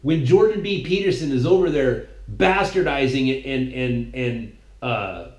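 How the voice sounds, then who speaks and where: In an echoey room, a man hosting his own show delivers a preachy, mocking, opinionated solo monologue with impressions of others. His mid-range voice is unhurried and darkish in tone.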